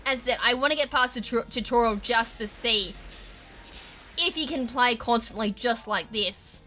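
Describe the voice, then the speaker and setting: Casual Australian woman gamer, tangent-prone commentary, bright tone, light music bed. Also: on the high side, normal speed. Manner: chatty, rambling, goes off on tangents. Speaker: gaming YouTuber. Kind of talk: casual let's-play commentary.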